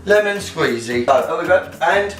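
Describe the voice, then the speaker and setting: A rambling, silly English home cook, put on by a man in a fake English accent, chatting his way through a recipe. The sound is roomy and picked up from across the kitchen, with loud music playing behind. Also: a little high, lively intonation, moderate pace, recorded from a distance, close to an everyday voice. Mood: chatty. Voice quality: rambling, silly, self-talking. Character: chatty British alter ego of the man, cooking. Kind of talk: cooking demonstration in character.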